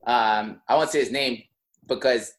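A young man with a medium-pitched voice and measured pace tells a long anecdote during casual podcast chat. He rambles, leans heavily on "like," and laughs partway through the story.

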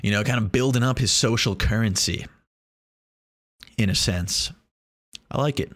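Rambling, foul-mouthed young man, low voice. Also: animated, a little fast, pauses often, fairly bright tone, no echo, studio quality. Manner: rambling, profane, joking. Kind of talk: casual monologue.

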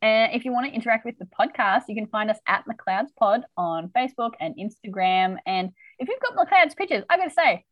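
Woman podcast host, higher pitch, dry close sound; lively recap chatter with voiced quotes. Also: fairly quick, hardly any pauses, dry recording, dull audio. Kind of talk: casual recap chat.

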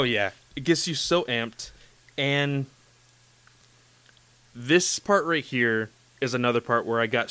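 An excitable man talks in a casual chat, gushing with enthusiasm and filling every pause with "like" and "you know". His voice is smooth and clear, at a middle pitch. It is recorded close and dry, with no room sound. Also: no echo. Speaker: podcast host discussing anime.

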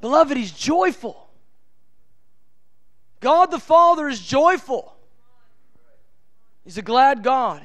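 High-voiced, impassioned male preacher. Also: a bit bright. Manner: impassioned, emphatic, with colloquial asides. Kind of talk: sermon.

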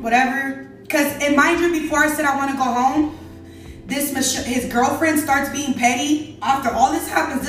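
A young adult woman with a high voice tells a casual story straight to her viewers, chatty and exasperated. She's away from a distant mic in a very echoey room, with faint music in the background.

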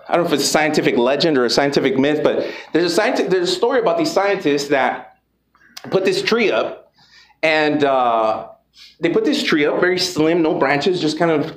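A man giving an energetic, profane motivational talk to a live audience, calling out to the crowd. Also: on the high side. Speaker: motivational speaker. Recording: echoey room with background noise.

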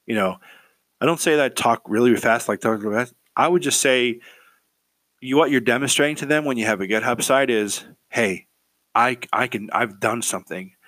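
A man's voice: medium pitch, fairly bright tone, no room sound. Rambling man giving career advice. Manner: rambling, repeats words, keeps asking "right?". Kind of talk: casual advice monologue.

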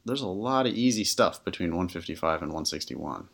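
Here the test-prep tutor's voice is low, a bit bright, and brisk, with vocal fry and lots of animation. He speaks candidly, with plenty of filler words, as a co-host in a casual podcast conversation.

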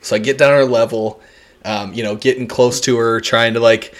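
A man's voice: mid-range voice, fairly even intonation, a little fast. A young man co-hosting a podcast, telling a story in casual chat, laughing often and swearing freely. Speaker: podcast co-host.

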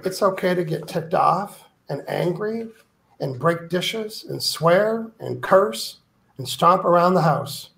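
Brief: man, higher voice with gravel, emphatic guest author acting out examples. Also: expressive, takes it slowly, a bit bright. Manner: emphatic, acts out quoted complaints. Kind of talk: animated interview talk.

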